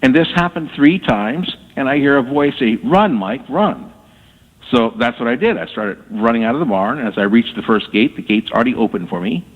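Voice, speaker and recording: A man telling his story as a guest on a radio interview, halting and repeating words as he talks. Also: mid-range voice. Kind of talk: casual storytelling. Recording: tinny phone line with long reverb.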